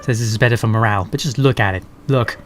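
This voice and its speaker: A man voicing an excitable female rat science officer who talks eagerly and insistently. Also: fairly low pitch, quick pace, a little hiss or hum, natural voice.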